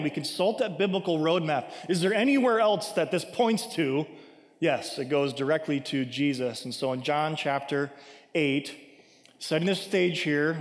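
A man with a high-pitched voice gives a sermon in a casual, conversational way. He reads scripture aloud and then explains it, often asking "right?" His voice rings with a long hall echo. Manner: conversational, frequent "right?" asides. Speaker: preacher.

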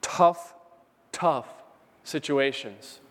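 A man's voice: medium pitch, drawn-out words, a bit bright. A male pastor preaching a sermon, repeating his key phrases for emphasis and reading scripture aloud. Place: church sanctuary. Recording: church sermon with a long hall reverb.

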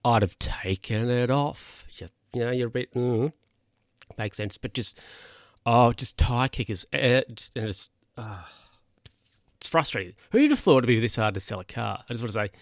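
A man's voice: medium pitch, lively intonation, moderate pace, dry recording, studio quality. A man hosting a podcast, rambling casually and often correcting himself mid-sentence. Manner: rambling, self-correcting, chatty. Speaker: podcast host. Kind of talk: casual solo podcast monologue.

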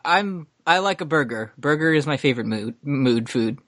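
A man's voice: fairly high pitch, lively intonation, moderate pace, a bit bright, no room sound, studio quality. A man in his twenties hosting a podcast in casual chat, rambling and self-mocking, often laughing at his own stories. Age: 20s. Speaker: podcast host.

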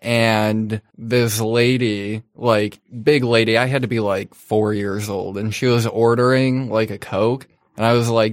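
A man with a lowish voice rambles through a casual podcast chat, full of fillers and jokes. He sounds close and dry on the mic. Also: little pitch movement, takes it slowly, no echo. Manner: rambling, loose, joking with frequent fillers.

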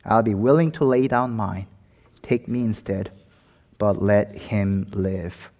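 A man's voice: lowish voice, takes it slowly, darkish tone. A man preaching a sermon as pastor, speaking with rising passion and emphatic peaks. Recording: long hall reverb.

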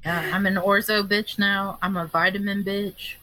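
Bright-toned young woman with wry jokes. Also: medium pitch, steady tone, normal speed, rough recording. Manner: wry, self-mocking jokes. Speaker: podcast co-host. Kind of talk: casual chat.

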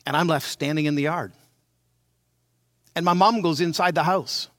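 A man in his sixties preaching a sermon, telling his childhood story in a dramatic, animated way. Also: fairly high pitch, moderate pace, dry recording, studio quality. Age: 60s.

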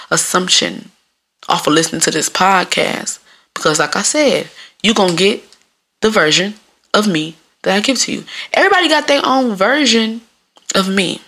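A young adult woman hosting a podcast alone, talking in a casual, animated and profane way and laughing often. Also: mid-range voice, vocal fry. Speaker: podcast host. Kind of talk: casual solo podcast monologue.

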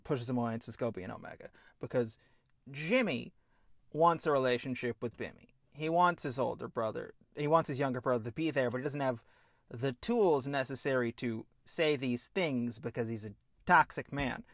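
A man co-hosting a podcast, pitching a film idea in an animated, casual chat and swearing freely. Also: moderate pace, dry recording, clean studio sound. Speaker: podcast co-host.

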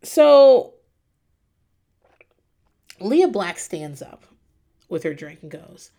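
A woman chatting through a casual recap with a voice that swoops up and down. She is animated, breaks into laughter often and swears without a second thought. Her pitch sits in a middle range. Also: extremely slow, vocal fry. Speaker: podcast host recapping reality TV.

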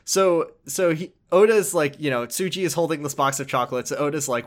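A man's voice: fairly high pitch, a little fast, hardly any pauses. A man casually retelling a video game story with wry jokes, as a podcast co-host. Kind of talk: casual chat.

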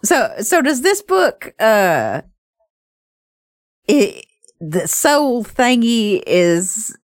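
A woman's voice: a little high, big pitch swings, drawn-out words, no echo, studio quality. A woman playing in a tabletop game, rambling and hesitant as she searches for words. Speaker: player. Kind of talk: tabletop role-play chat.

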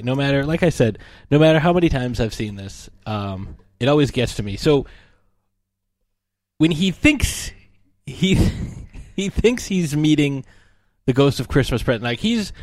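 Man, co-host, casual movie chat, animated retelling, mid-range voice, dry close sound. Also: medium pitch, normal speed, no echo. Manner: animated storytelling with frequent laughs and fillers.

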